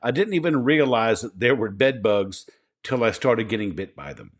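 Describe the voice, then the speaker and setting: Man, podcast co-host, average pitch, laid-back, reads listener stories aloud, casual swearing. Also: expressive, normal speed.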